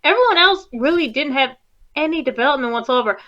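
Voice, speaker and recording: Woman, casual movie review chat, blunt, swears a lot, high-ish bright voice, dull lo-fi sound. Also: lively intonation, quick pace. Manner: blunt, profane, exasperated. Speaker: co-host.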